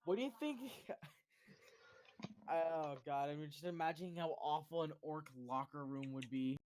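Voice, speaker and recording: Higher-voiced male player, wry and chatty, faint background noise. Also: moderate pace, darkish tone. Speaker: tabletop game player. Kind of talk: casual game chat over voice call.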